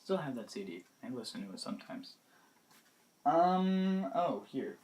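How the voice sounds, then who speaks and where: A young man in his late teens casually talking through his favorite music in a vlog, hesitant and pausing often, his words trailing off softly. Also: mid-range voice, big pitch swings. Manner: hesitant, many pauses and restarts, trailing off softly. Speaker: vlogger.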